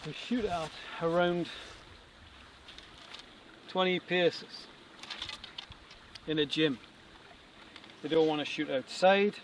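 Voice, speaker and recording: A man's voice: fairly high pitch, takes it slowly, long pauses. A man, an author and archer, giving a reflective outdoor talk about fear of change, speaking in short, spaced phrases. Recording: distant outdoor recording with noise.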